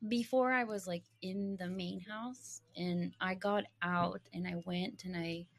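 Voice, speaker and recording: A woman in casual chat, joking and teasing with quick asides. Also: on the low side, steady tone, creaky.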